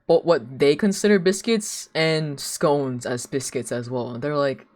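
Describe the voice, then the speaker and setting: A woman's voice: low voice, unhurried, darkish tone. A young woman streaming live, chatting casually in a rambling, giggly way with lots of filler words. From United States.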